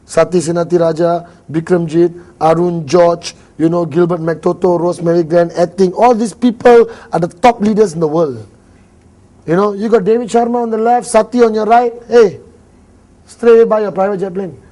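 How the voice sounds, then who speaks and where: A high-voiced man with a Malaysian English accent speaks to a live audience as a motivational speaker. He jokes, laughs easily and acts out little dialogues between people. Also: moderate pace, dark tone. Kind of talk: seminar talk to a live audience.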